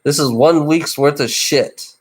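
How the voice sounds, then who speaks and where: A man's voice: a little high, unhurried. Profane, tired middle-aged man ranting. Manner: profane, bitter ranting with rough laughs. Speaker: livestreamer. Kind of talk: ranting live stream monologue.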